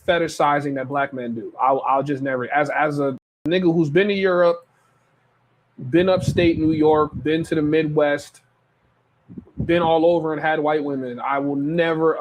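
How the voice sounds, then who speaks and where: Streamer guy reacting to clips, blunt, swears a lot, keeps repeating himself, kinda high voice. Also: poor audio. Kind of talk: casual reaction commentary.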